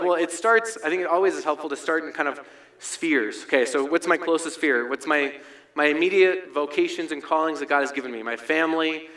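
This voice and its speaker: A pastor preaching a sermon in a relaxed, conversational way, often checking in with "right?". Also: male voice, fairly high pitch. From United States. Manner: conversational, frequent "right?" asides.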